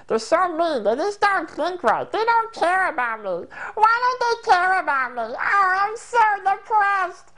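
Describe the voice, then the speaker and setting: A man's voice: very high voice, sing-song, a little slow, few pauses, bright, forceful tone, pitched above the performer's own voice, exaggerated voice. A man putting on a whiny, self-pitying voice, moaning and sighing about his troubles.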